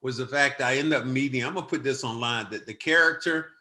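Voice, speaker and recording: A man's voice: medium pitch, fast. An older man hosting a podcast in casual chat, telling stories and acting out quotes with gusto. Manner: animated storyteller, acts out quotes loudly. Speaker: podcast host.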